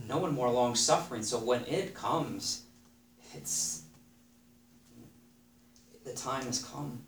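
A man's voice: medium pitch, a bit bright. Man, preacher, earnest sermon, repeats key phrases, distant mic. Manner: earnest, repeats phrases for emphasis, reads scripture aloud. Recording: echoey room, voice somewhat far from the mic, faint background noise.

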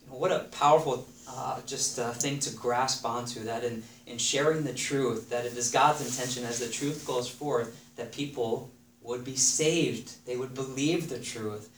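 With a steady, unhurried, medium-pitched voice, a man gives an earnest sermon, repeating phrases and reading scripture aloud. Faint background noise and an echoey room come through, his voice somewhat removed from the mic.

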